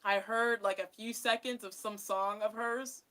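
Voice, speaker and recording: Bright-voiced young woman chatting casually. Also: mid-range voice, steady tone, unhurried. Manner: rambling, filler-heavy, laughing often. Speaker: YouTuber reading a book aloud. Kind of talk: casual vlog chat.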